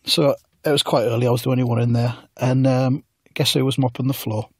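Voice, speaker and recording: A man co-hosting a comedy podcast, rambling through absurd anecdotes in a deadpan way. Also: mid-range voice, a little fast, husky, no echo. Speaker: podcast co-host. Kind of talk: comedy podcast chat and storytelling.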